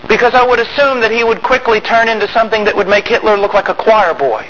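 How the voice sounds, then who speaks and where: A man preaching a sermon, emphatic, swinging from loud rising outbursts to quiet low asides. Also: quick pace, lo-fi sound, slight background noise.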